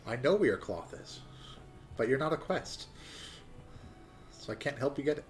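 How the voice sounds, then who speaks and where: A man co-hosting a let's play, joking and mock-shouting in a casual commentary. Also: mid-range voice, lively intonation, normal speed, soft background music. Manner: playful, jokey, mock-shouting.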